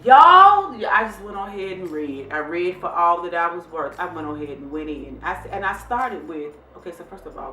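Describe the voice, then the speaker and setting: A woman hosting a casual vlog, telling viewers a story and acting out how she scolded her son. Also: low voice. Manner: animated, scolding retelling. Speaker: vlog host. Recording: echoey room, distant mic, faint music.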